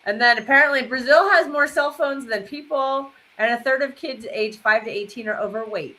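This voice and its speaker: A woman's voice: sits high, moderate pace, sharp tone, poor audio. A young woman co-hosting a live match watchalong in a chatty, rambling, self-deprecating way. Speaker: watchalong co-host. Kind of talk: casual chat over a live match.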